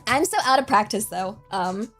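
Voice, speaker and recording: A woman's voice: mid-range voice, normal speed, a bit bright, soft background music. A young British woman streaming, chatting in a playful, rambling way. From Britain. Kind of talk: casual live-stream chat.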